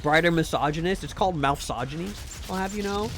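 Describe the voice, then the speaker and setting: A man's voice: fairly high pitch, a little fast, slight background noise. Jokey, rambling male streamer. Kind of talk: casual gaming stream chat.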